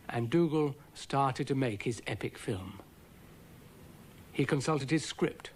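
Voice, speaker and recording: A man's voice: medium pitch, takes it slowly, pauses often, slight background noise. A man narrating a cartoon storybook in a dry, wry manner.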